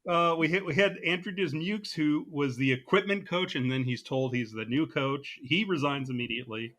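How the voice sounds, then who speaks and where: A man's voice: a little high, a bit bright. A man co-hosting a podcast, chatting casually and laughing often at his own jokes. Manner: quick laughs, jokey asides. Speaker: podcast co-host. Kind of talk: casual chat.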